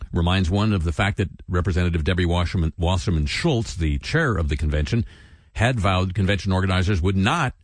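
A man's voice: low voice, no room sound. A man hosting a satirical news commentary, reading items and adding sardonic asides and mock voices. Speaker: radio commentary host.

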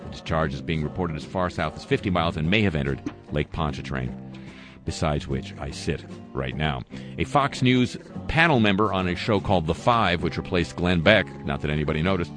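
Sardonic low-voiced male radio host. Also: animated, brisk. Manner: sardonic, dry asides. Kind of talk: satirical news commentary. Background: music under the voice.

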